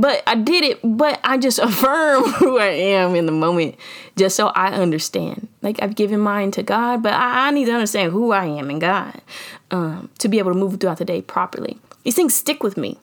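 A woman hosting a podcast, giving casual motivational talk in a lively, slangy, preachy way and laughing often. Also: medium pitch, brisk. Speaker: podcast host.

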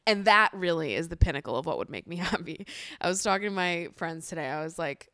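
A woman's voice: on the low side, lively intonation, quick pace, fairly bright tone, dry recording, clean studio sound. A young woman hosting a podcast in candid casual chat, laughing often and using plenty of slang. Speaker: podcast host.

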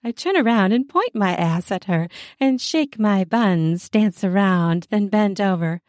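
A woman's voice: medium pitch, animated, measured pace, darkish tone, no echo, clean studio sound. A woman narrating a first-person adult romance audiobook in a playful, teasing way.

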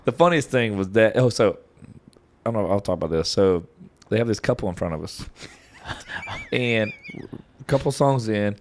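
A man of about forty co-hosting a podcast, animated and often laughing as he tells a story in casual chat. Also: on the low side, normal speed, pauses often, a little hiss or hum. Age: 40s. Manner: animated, laughs while telling stories. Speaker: podcast co-host.

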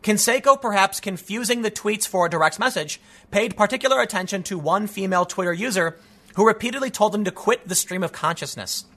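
A man's voice: high voice, fairly quick, sharp tone. A man hosting an opinionated solo commentary show, talking in a mocking way and often stammering repeated words. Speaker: political commentary host.

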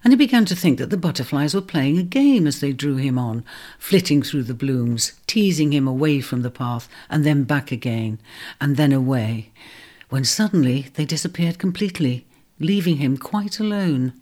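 A storyteller reading a children's fantasy tale in an expressive narration. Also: mid-range voice, moderate pace.

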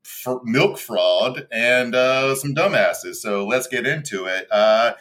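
A man's voice: mid-range voice, expressive, slow, a bit bright. A man hosting a comedy podcast in loose, rambling casual chat, laughing often, speaking from a hotel room. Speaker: podcast host.

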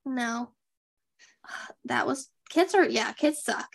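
A woman's voice: high-pitched, takes it slowly. Chatty, sarcastic young woman. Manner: chatty, sarcastic, animated impressions. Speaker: podcast co-host. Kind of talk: casual recap chat.

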